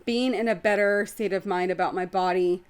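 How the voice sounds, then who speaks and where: Hosting her own video podcast, a woman speaks at normal speed in a clear, resonant, mid-range voice with a steady tone. The talk is frank and expressive, centered on her life, with casual swearing.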